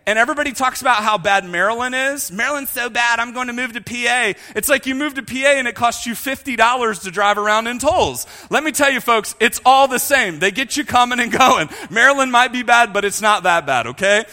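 A man's voice: very high-pitched, brisk, hardly any pauses, long reverb tail. A man preaching a sermon, joking with his congregation and talking to them directly. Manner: jokey, animated, talks to the congregation. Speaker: pastor.

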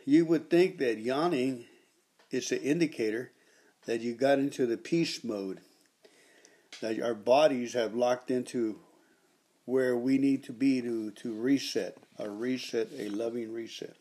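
Fervent man leading prayer, mellow voice. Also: mid-range voice, measured pace. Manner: fervent, repetitive exhortation. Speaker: podcast host leading prayer. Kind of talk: devotional prayer and reading.

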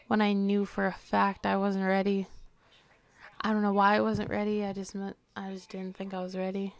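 A woman's voice: mid-range voice, fairly even intonation, normal speed, creaky, clear, resonant tone. A teenage girl hosting her own podcast, talking hesitantly and tiredly late at night, often dropping to a near whisper. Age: teens. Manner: hesitant, soft-spoken, often trailing into a whisper. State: tired, yawning. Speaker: podcast host. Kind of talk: confessional late-night monologue.

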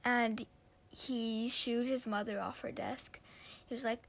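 A woman's voice: fairly high pitch, steady tone, slow pace. Woman telling a casual improvised story. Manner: loose, with fillers and restarts.

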